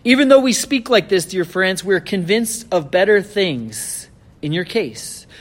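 A man preaching a sermon in a conversational way, reading scripture aloud and slowing down to stress key words. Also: high voice, expressive. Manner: conversational preaching with dynamic swings in loudness. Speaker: pastor.

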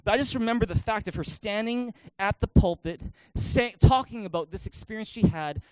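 A male pastor delivers a sermon story at a rapid clip in a high voice. The sound is dry and close. He tells it animatedly, often restarting his phrases. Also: no room sound. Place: church.

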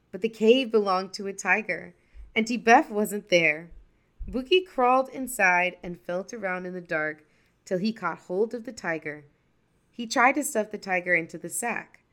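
A woman narrating a folktale in a lively, expressive storytelling voice. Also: mid-range voice.

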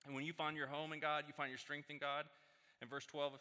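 A man preaching a sermon as pastor, telling stories in a loose conversational way that rises into animated peaks. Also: fairly high pitch, brisk, smooth. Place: church sanctuary. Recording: reverberant hall.

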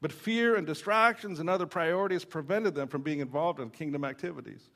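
A man's voice: fairly high pitch, fairly quick, gravelly, a bit bright. A man, a pastor, preaching a sermon in a joking, storytelling way with frequent fillers and restarts.

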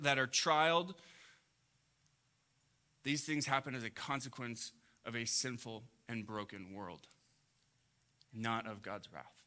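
A man preaching a sermon to a congregation, swinging between loud emphatic peaks and quiet low asides. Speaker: pastor.

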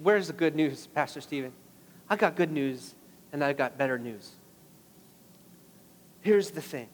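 A man's voice: fairly high pitch, fairly bright tone, in a large hall. A man preaching a sermon as pastor, impassioned, rising to emphatic peaks on key phrases.

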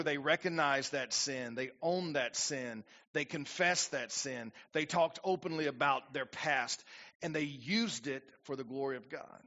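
Male pastor, sermon, bright slightly high voice, emphatic bursts, muffled lo-fi church recording. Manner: preaching with rising emphatic bursts and quoted prayers.

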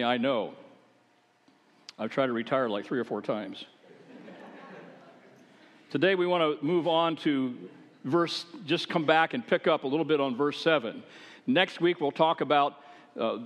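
An older male pastor preaching in a church, talking to the congregation like he is telling stories over coffee. His voice sits at an ordinary middle pitch, and it carries a long reverb off the walls of a big sanctuary. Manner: conversational storytelling with asides. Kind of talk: sermon.

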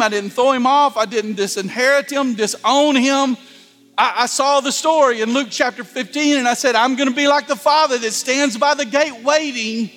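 A man's voice: extremely high pitch, fairly bright tone. A middle-aged man preaching a sermon as pastor, emphatic, repeating phrases and calling on the congregation to answer. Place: large church hall. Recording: long hall reverb.

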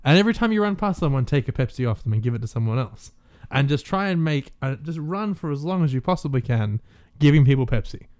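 Podcast co-host, male, smooth and dry-sounding, jokey and rambling. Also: medium pitch, animated, fast talker, darkish tone, dry recording. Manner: joking, laughs often, rambling restarts. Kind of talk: casual chat.

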